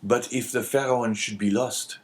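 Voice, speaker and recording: A man's voice: mid-range voice, fairly even intonation, normal speed, close to an everyday voice. A man reading an audiobook, voicing a dignified, mournful merchant facing ruin in a grave, sorrowful manner.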